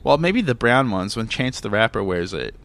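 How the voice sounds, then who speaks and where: A man chatting on a podcast in a wry, rambling way, full of jokey asides. His voice is gravelly and swings lively up and down in pitch. The sound is dry and close. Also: moderate pace, dry recording. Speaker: podcast co-host. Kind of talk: casual chat.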